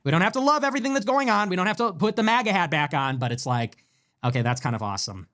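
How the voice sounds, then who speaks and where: A man with a high voice talks fast while hosting his own livestream show. He's sick with a fever but rants anyway, animated and emphatic, swearing often.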